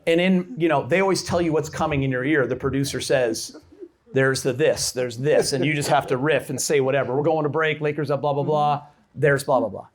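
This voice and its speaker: A male host telling an energetic story in a live interview, recorded in an outdoor courtyard with an audience. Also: fairly high pitch, brisk, reverberant. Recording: live crowd audible. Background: audience crowd.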